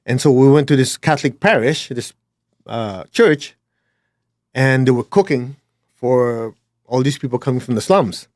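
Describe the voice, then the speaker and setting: A man at an ordinary pitch tells a reflective personal story, dropping low and quiet and then rising into bursts of emphasis. His talk is plain, with blunt asides, and the sound is dry and close, with no room echo. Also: measured pace. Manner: animated, swings between hushed and emphatic. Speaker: speaker sharing a personal story.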